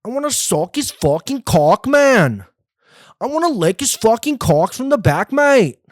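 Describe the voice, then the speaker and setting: A man's voice: very high-pitched, very animated, a little slow, no echo, clean studio sound, voice pushed up, full character voice. A man putting on a mock British accent to play a crude, belligerent bloke who tacks "mate" onto every line. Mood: aggressive mocking. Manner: brash, boastful, ends lines with "mate".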